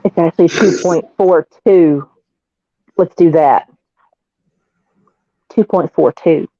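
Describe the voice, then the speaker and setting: A woman's voice: lowish voice, slow pace, no room sound. Teasing woman on a lo-fi stream. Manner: loud, teasing, drawling jokes. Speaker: stream host. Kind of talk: casual livestream banter. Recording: dull lo-fi stream audio.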